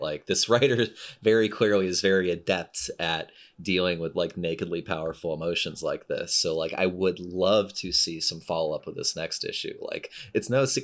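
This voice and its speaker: A man co-hosting a comics podcast with a very deep voice. He talks haltingly, restarting and laughing as he searches for his words. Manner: hesitant, laughing, many likes. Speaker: podcast co-host. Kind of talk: casual chat.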